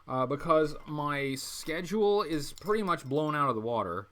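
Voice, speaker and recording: A man's voice: on the high side, lively intonation, moderate pace. A man hosting a casual livestream, rambling with many ums and restarts and reading viewer comments aloud. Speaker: livestream host. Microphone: webcam mic.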